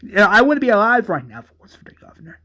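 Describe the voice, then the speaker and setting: A man's voice: sits high, sing-song, fast, pushed and bright, pitched above the performer's own voice, heavily acted. A man voicing a bitter older brother who defiantly sides with a tyrant in a fan retelling. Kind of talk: fan retelling with voiced characters.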